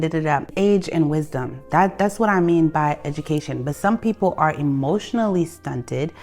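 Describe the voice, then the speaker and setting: Low-voiced woman giving blunt advice. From Haitian family background. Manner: blunt, conversational, repeats and restarts, animated bursts. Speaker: self-help video host. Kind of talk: candid advice monologue. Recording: soft music behind the voice.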